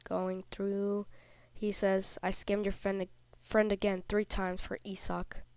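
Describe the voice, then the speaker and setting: A kid before puberty, a little under the weather, rambles through a vlog in an indignant tone. The voice is smooth and clear, with a flat, level pitch. It sits close and dry, with almost no room sound. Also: takes it slowly, dry recording. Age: child, before puberty. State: a little sick. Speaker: video creator. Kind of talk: casual vlog commentary over screenshots.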